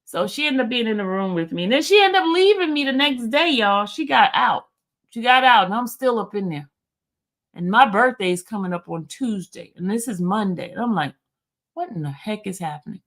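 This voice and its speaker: A YouTube host tells viewers a personal story in a chatty, rambling way, full of fillers and restarts. Her voice is a little high, expressive and a bit bright, and she talks briskly.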